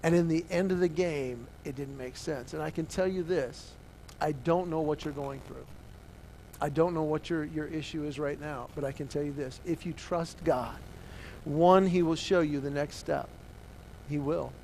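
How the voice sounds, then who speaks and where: A middle-aged man preaching and telling a personal story, swinging from hushed to loud as he acts out the dialogue. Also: a little high, normal speed, a little hiss or hum. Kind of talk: sermon storytelling.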